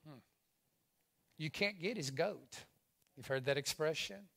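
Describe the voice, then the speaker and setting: A middle-aged pastor from Louisiana preaching a sermon, swinging from loud exclamations to hushed asides. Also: male voice, on the high side, lively intonation, unhurried, creaky, long pauses.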